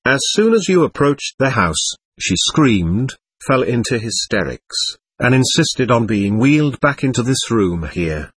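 A man's voice: medium pitch, very animated, fairly bright tone, breathy edge, dry recording, exaggerated voice. A man voicing a gushing, nervous noblewoman. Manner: rapid, nervous, effusive. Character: anxious gushing aristocratic lady, middle-aged.

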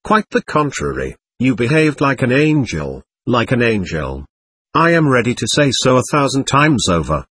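A man reading the lines of a fussy, excitable middle-aged lady who gushes in breathless exclamations. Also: medium pitch, normal speed, husky, no echo. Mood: flustered.

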